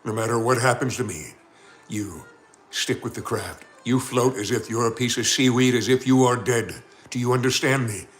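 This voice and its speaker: A man doing a brave, commanding boat captain. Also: lightly acted. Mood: calm commanding. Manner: commanding, urgent orders then slow low calm reassurance. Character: brave, steady male boat captain in a crisis. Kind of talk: live storytelling.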